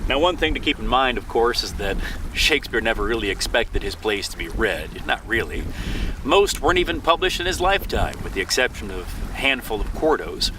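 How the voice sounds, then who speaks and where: A man's voice: medium pitch, very animated, fairly quick. A man introducing a lesson in a casual, conversational way, recorded outdoors on a beach. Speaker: presenter. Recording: windy beach, distant mic.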